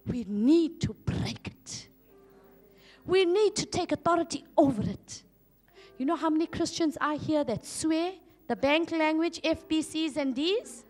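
A woman from South Africa preaching a sermon, swinging from loud exhortation to hushed asides. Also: very high voice. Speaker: pastor.

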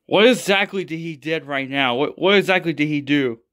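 A man voicing a sarcastic young adult son who stays calm and exasperated. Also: a little high, natural voice. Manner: dry, exasperated, quick.

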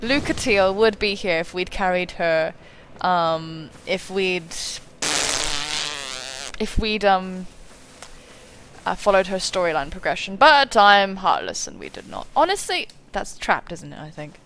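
A woman hosting a let's play, giving casual gameplay commentary, giggly and excitable with sudden exclamations. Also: mid-range voice, a little slow, a little hiss or hum.

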